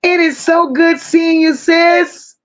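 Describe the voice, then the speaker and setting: Greeting her audience individually, a woman with a very high-pitched, steady voice hosts a casual livestream. Her hellos are warm and drawn out, and she reads viewers' chat messages aloud.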